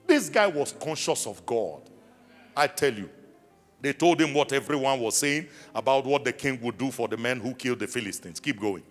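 A man's voice: mid-range voice, animated, fairly quick, fairly bright tone. A man preaching a sermon to his church congregation, from South Africa, calling out questions for the people to answer back. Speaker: pastor. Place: large church hall. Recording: long hall reverb with faint music.

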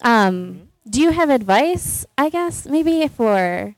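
A woman's voice: fairly high pitch, very animated, slow pace, dry recording. Twenties woman asking a question, bit hesitant, thoughtful, dry sound. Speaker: arts integration educator asking a question. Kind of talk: audience question.

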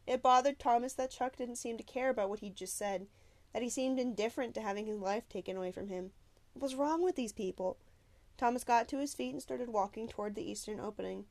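A woman's voice: on the high side, brisk, darkish tone. Woman reading a story aloud. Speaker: audiobook narrator. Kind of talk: scripted narration.

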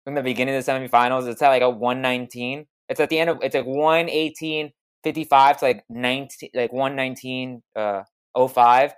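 A man's voice: medium pitch, flat delivery, brisk, few pauses, clear, resonant tone. A young man in casual podcast chat, emphatic and slangy as he makes his point. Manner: emphatic, slangy, builds up arguments. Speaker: podcast co-host.

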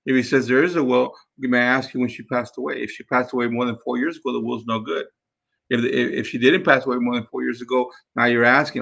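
A man talks listeners through his method as a podcast host. His voice is gravelly and bright, and his delivery is emphatic, with frequent restarts and repeated phrases. He keeps calling the listeners guys. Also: mid-range voice, fairly even intonation, quick pace. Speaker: podcast host and sales trainer. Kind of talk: instructional talk.

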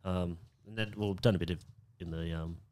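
A man with a very low voice rattles through casual podcast chat at a quick clip. He tells rowdy stories, swears freely and laughs often. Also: fairly even intonation, mellow. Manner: laughing storyteller, swears a lot. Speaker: podcast co-host.

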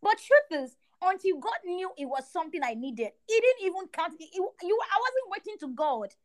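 A young adult woman co-hosting a podcast, sharing a faith testimony in an animated, emphatic way with a lot of repetition. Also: very high-pitched, normal speed. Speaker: podcast co-host.

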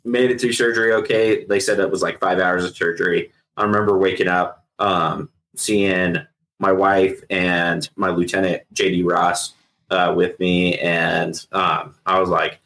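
A man's voice: sits low, rough recording. A middle-aged man, a retired sheriff's investigator, telling his story in a casual interview, acting out what others said. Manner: animated retelling with acted-out quotes and laughs.

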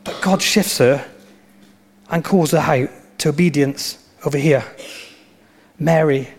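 A pastor delivers a sermon in a slightly high, animated voice. He leans on repetition and lively storytelling to drive each point home. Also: measured pace.

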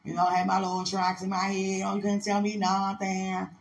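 High-voiced D.C. man telling stories. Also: fairly quick, creaky, slight background noise. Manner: animated, laughs often, drops into other voices. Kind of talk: casual storytelling chat.

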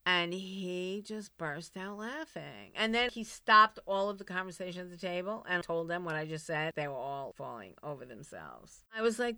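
A blunt, animated woman tells a candid personal story as a recovery program host, swinging between loud exclaims and quiet asides. Her voice is bright and forceful. The sound is dry and close. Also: on the low side, moderate pace, few pauses, no room sound.

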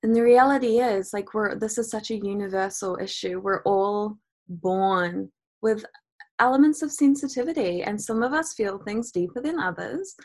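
A woman's voice: mid-range voice, normal speed, a little mellow. A woman co-hosting a casual podcast conversation. She talks in a reflective way, says "like" often and reaches for playful analogies. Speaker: podcast co-host.

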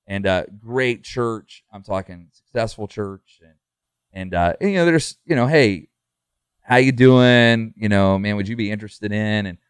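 A middle-aged pastor speaks earnestly in a casual podcast conversation, his talk full of fillers and restarts. His voice is lowish, clear and resonant at a normal speed, in studio quality with no echo.

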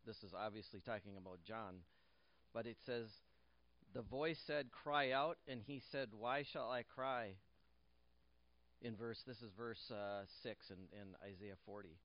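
A man's voice: on the low side, measured pace, no room sound, dull audio. Man preaching with rising emphasis. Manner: animated preaching with repeated phrases and restarts; jokes lightly with the congregation. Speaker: pastor. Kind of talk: sermon. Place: church.

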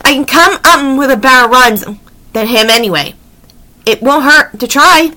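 A woman voicing an eager, bold young girl in a children's storybook read aloud, sounding excited and chirpy. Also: high-pitched. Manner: excited, chirpy, quick to try things.

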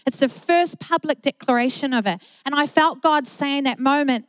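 A woman's voice: high voice, normal speed, few pauses, a bit bright, no room sound, poor audio. A middle-aged woman pastor, preaching a sermon in an earnest, emphatic way with repeated phrases.

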